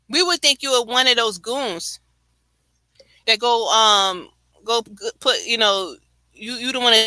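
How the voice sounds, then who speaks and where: A woman with a New York accent, very bright and crisp in tone, chatting casually late at night. Her talk is animated and rambling, full of asides and frequent laughs. The sound is close and dry, with no room around it. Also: fairly high pitch, dry recording, rough recording. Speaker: co-host.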